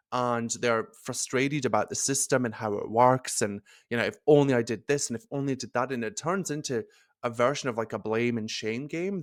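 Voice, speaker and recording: Australian man, 30s, podcast host, mid-pitched, playful and talkative, dry booth sound. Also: no echo. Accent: Australian with a Scottish tinge. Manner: chatty, playful, laughs easily. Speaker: podcast host and nurse coach. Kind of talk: casual solo podcast talk.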